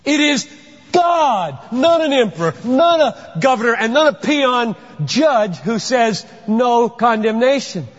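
A man's voice: very high-pitched, sing-song, slow pace. A man preaching a sermon, emphatic and dramatic, acting out courtroom scenes as he teaches. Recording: echoey hall, dull lo-fi sound.

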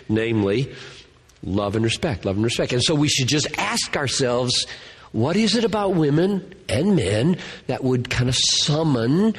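A man's voice: a little high, husky, in a large hall. A man giving a Bible lecture to a class, thinking aloud and earnestly repeating key words. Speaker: Bible teacher.

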